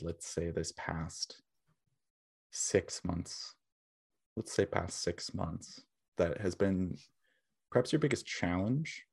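A male podcast host speaking in a slow, thoughtful, gentle way. His voice is very low and husky. It has a gravelly edge. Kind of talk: interview questions and reflective chat.

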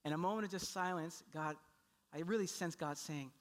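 Male pastor, young adult, sermon, storytelling, animated, slips into playful voices. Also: on the high side, fairly quick.

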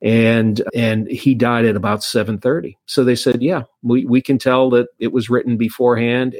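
A man's voice: medium pitch, no room sound. Man telling a story in a dry room. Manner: anecdotal, many restarts. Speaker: insurance agent. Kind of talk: casual storytelling.

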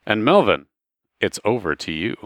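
A man's voice: lowish voice, big pitch swings, normal speed, a bit bright, no room sound. A man running a tabletop game as game master, casual and joking in his rulings.

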